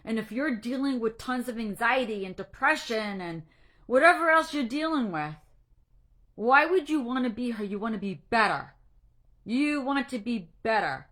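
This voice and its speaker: Middle-aged woman, anxiety coach, earnest and a bit preachy on a live talk, tearful, voice sits a touch high. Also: animated, moderate pace, a bit bright. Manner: earnest, direct, a little preachy. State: tearful, emotional. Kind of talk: casual livestream talk to a group.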